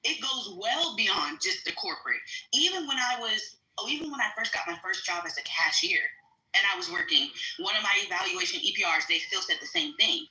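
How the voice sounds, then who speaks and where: Chatty woman, bright voice, echoey kitchen. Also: medium pitch, lively intonation, fairly quick. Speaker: guest speaker, military veteran. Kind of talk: casual storytelling on a live stream. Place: home kitchen, cooking while talking.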